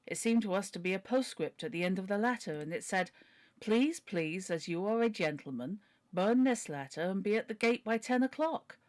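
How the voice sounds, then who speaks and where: A woman's voice: medium pitch, lively intonation, moderate pace, darkish tone, lightly acted. A woman voicing a humble, pleading older male butler while reading a novel aloud. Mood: earnest. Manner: earnest, deferential, begging.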